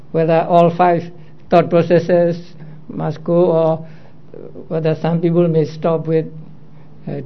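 A man giving a slow, methodical lecture, explaining step by step and posing rhetorical questions to his listeners. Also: sits high. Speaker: teacher. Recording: dull lo-fi recording.

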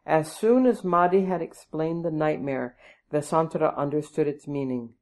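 A woman narrating a storybook in a measured, even way. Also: low-pitched. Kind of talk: storybook reading.

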